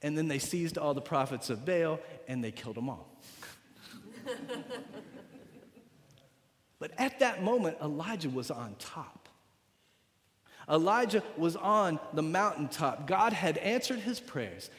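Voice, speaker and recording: A man preaching a sermon, retelling a story with dramatic swings between loud and hushed delivery and repeating phrases for emphasis. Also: fairly high pitch, lively intonation, unhurried, long pauses, slight background noise. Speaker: pastor. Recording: long reverb of a large hall.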